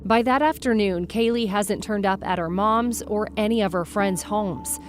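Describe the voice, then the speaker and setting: Woman narrating true crime over music. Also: mid-range voice. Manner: measured, storytelling delivery. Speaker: podcast host and narrator. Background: background music.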